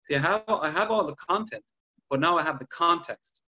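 A man chatting on a podcast, telling patient stories with lively acted-out dialogue. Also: on the high side, fairly quick, highs cut off. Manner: animated storytelling, acts out patient dialogue. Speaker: podcast guest clinician. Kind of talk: casual podcast chat.

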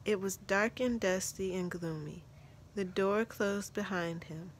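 A woman reads a children's picture book aloud, taking her time over each sentence. Her delivery is gentle and measured, at an ordinary middle pitch, with a faint hiss behind her. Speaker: storybook narrator. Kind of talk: children's story read aloud.

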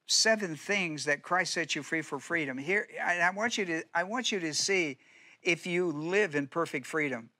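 Middle-aged pastor guy preaching, kinda high bright voice, keeps restarting his sentences. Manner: conversational, repeats and restarts phrases, rhetorical questions. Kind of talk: sermon.

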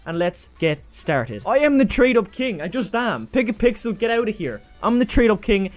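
A man impersonating a cocky male YouTuber who talks briskly and boasts about himself. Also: high-pitched, sing-song, faint music behind. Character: cocky male YouTuber, self-proclaimed trade-up king.

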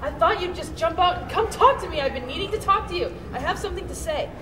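Sassy young heroine played by a woman, very high and lively, far off in a noisy echoey hall. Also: fast talker, crowd noise. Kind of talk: improv skit.

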